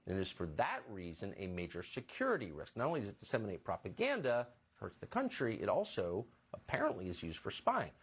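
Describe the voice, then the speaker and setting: A man's voice: on the low side, wildly swooping pitch, fairly quick, few pauses, husky. A man giving casual, opinionated commentary, explaining a point.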